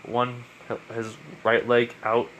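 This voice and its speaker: A man's voice: medium pitch, monotone, slow, fairly bright tone, dull audio, slight background noise. A man casually narrating a fan story, rambling with many fillers.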